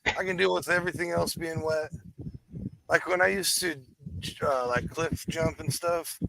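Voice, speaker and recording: Male podcast co-host, gravelly and easygoing, a bit high. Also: steady tone, normal speed. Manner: rambling, defensive, easygoing. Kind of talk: casual banter. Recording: noisy recording with background hiss.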